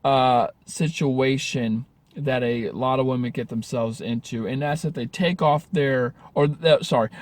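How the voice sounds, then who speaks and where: A man's voice: mid-range voice, darkish tone, no room sound. Earnest rambling dating coach, man. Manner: rambling, earnest, frequent self-corrections. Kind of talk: casual advice vlog.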